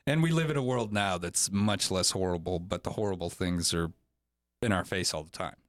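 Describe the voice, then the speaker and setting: A man's voice: low voice, brisk, no room sound. A man hosting a casual podcast chat, talking in an opinionated, rambling way. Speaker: podcast host.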